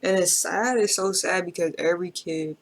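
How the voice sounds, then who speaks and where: A woman's voice: on the low side, normal speed, gravelly. Emotional woman reacting to a song. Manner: emotional, reflective, addresses viewers directly with slang. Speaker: reaction video host. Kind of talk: casual reaction commentary.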